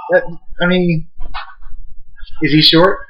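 A man's voice: a little high, flat delivery, slow pace, dull audio, heavy background noise. A man in casual chat, throwing in teasing, curious questions.

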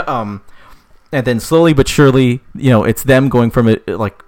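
Rambling man telling a story. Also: normal speed. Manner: rambling, many fillers, swears casually; acts out characters' lines with raised pitch. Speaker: storyteller pitching a story idea. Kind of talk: casual spoken storytelling.

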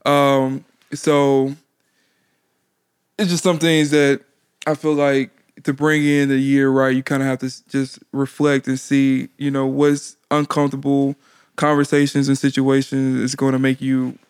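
Smooth-voiced man musing slowly. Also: medium pitch, completely flat delivery, no room sound, clean studio sound. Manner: reflective, halting, many fillers. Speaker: podcast co-host. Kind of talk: casual podcast talk.

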